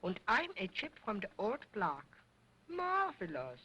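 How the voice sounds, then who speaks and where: A cheeky wooden boy dummy, cracking jokes in mangled grammar. His voice swoops up and down with lively pitch, and he takes his time over each line in early sound film style. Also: measured pace, breathy edge, full character voice, low-quality recording. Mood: sassy. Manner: sassy, broken grammar, mocking.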